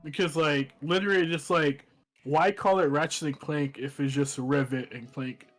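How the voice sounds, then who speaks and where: A man in a casual gaming podcast chat, talking haltingly and filling nearly every phrase with "like". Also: a little high, steady tone, fairly bright tone, soft background music. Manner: halting, filler-heavy, says "like" constantly.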